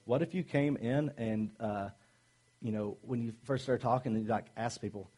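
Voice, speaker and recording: A young man gives a sermon in an earnest, chatty way, often pausing with ums and restarting his sentences. His voice is low, mellow and a little husky. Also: rough recording. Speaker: preacher.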